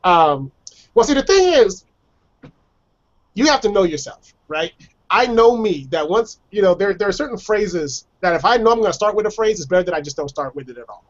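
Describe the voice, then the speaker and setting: Brief: fairly high-pitched male guest, chatty storyteller who laughs a lot, muffled video call sound. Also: expressive, a little fast. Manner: chatty, laughs often, acts out voices of others. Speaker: guest telling personal stories. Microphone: video call microphone.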